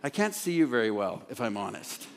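A man preaching a sermon as pastor in an animated way, with joking asides and laughs at himself. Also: mid-range voice, a little fast. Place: large church hall, former theater. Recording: echoey hall.

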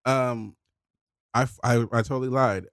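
A young man on a podcast, talking in an indifferent, deadpan, profane way. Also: mid-range voice, moderate pace, no room sound, clean studio sound. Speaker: podcast co-host. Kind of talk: casual chat.

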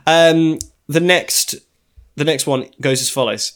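A man's voice: on the high side, slow pace, fairly bright tone. A man co-hosting a casual comedy podcast, reading lines aloud and often breaking into laughter. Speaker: podcast co-host, game runner.

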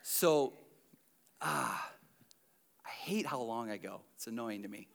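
A man preaching a sermon, animated and emphatic, dropping to quiet asides and near-whispers between loud passages. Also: on the low side, slow pace, vocal fry. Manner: conversational asides with the congregation.

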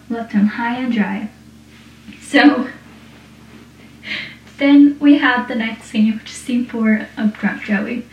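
A woman with a slightly high voice rambles through a TV episode recap, filling her talk with "like." She sounds a little far from the mic in an echoey room. The sound is somewhat dull. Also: a little mellow. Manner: rambling, heavy use of "like".

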